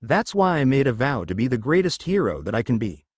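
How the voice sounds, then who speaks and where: A man's voice: medium pitch, sing-song, a little fast, a little mellow, husky, no room sound. A man voicing an earnest teenage boy hero delivering a heartfelt pledge speech in a fan-fiction reading.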